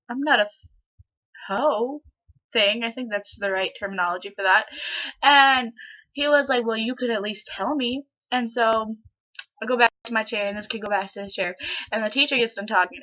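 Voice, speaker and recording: In a dull, lo-fi home recording, a teenage vlogger talks to the camera from her own bedroom, telling a story in a loose, chatty way packed with fillers and quoted exchanges. Her voice is fairly high and has a sharp edge.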